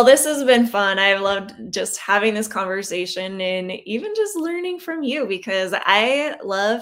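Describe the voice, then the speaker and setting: A middle-aged woman hosting a casual chat, who affirms her guest and talks about her own children. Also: mid-range voice. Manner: warmly affirming, with short agreements. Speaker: podcast host and mother.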